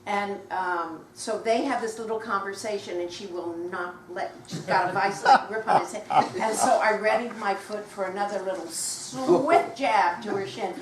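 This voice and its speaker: A woman in her sixties, a guest author telling anecdotes to a live audience at a bookshop, animated and acting out voices as she goes. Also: mid-range voice, moderate pace, hardly any pauses, a crowd in the background. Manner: animated, acts out quoted voices, laughs while telling. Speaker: guest author at a book talk. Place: bookshop event room. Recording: roomy, distant mic, faint noise.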